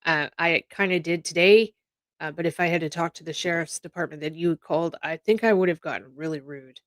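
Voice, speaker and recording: A middle-aged woman chats with blunt exasperation, her voice sitting a little low. She swears freely as she vents. The sound is dry and close. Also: a little fast, no echo. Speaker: psychic channel host. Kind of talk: casual chat.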